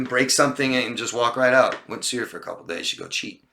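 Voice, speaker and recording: A man's voice: medium pitch, fast talker, gravelly, pushed and bright. A man coaching on a live stream who reads out viewer comments and answers them emphatically, often tagging lines with "okay?". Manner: emphatic, repeats lists of words and asks "okay?". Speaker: relationship coach.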